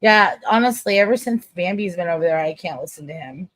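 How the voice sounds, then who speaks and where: A woman's voice: fairly low pitch, animated, a little fast, a bit bright, no room sound. A woman in a casual chat, talking brashly with heavy swearing and frequent laughs. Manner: brash, profane, laughing often.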